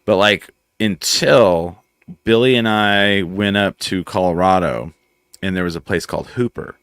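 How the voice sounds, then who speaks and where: A man from near West Texas hosting a casual podcast, animated and quick to slip into voices while telling stories. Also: low voice, clean tone, no room sound. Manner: animated, jumps into voices and impressions. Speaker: podcast host. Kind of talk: casual chat.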